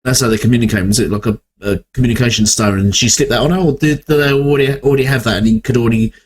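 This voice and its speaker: A man's voice: medium pitch, fairly even intonation, racing, slight background noise. A young man hosting a reaction video, rambling and correcting himself as he thinks aloud. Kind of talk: casual reaction commentary.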